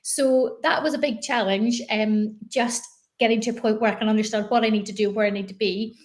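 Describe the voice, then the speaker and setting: A woman from Northern Ireland with a Northern Irish accent, a business coach talking in a chatty, animated way as an interview guest. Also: fairly high pitch, fairly quick. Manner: chatty, animated, many fillers and restarts. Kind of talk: conversational interview.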